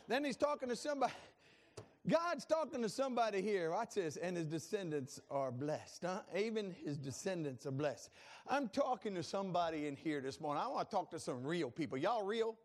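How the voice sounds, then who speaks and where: Man preaching, high voice, laughs between lines, calls on the congregation. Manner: lively, preaching with laughs and call-and-response asides. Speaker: pastor. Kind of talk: sermon.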